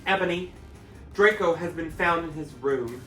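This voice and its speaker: A man's voice: on the high side, moderate pace, sharp tone, reverberant, far from the mic, soft background music. A man voicing an upset old wizard headmaster in a raised, dramatic reading voice.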